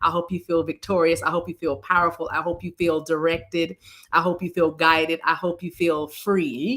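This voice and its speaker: A woman's voice: on the low side, fairly even intonation, a little fast, a bit bright. A middle-aged woman from the US East Coast, a spiritual reader chatting casually on a livestream, rambling playfully and greeting viewers by name.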